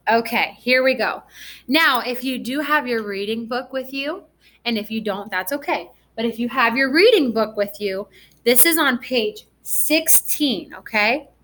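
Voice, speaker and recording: A woman teaching a first grade class through a recorded reading lesson, speaking gently and asking the children encouraging questions. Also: fairly high pitch, measured pace.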